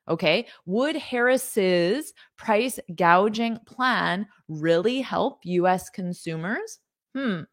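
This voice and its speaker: A woman teaching an English lesson on a live stream, greeting viewers by country and repeating words slowly to model pronunciation. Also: fairly low pitch, fairly bright tone. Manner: enthusiastic, greets viewers, laughs often.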